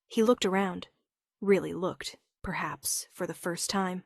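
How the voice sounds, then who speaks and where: A woman narrating a first-person romance story in an emotional, measured way. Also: lowish voice, vocal fry, slightly rough, no room sound, studio quality.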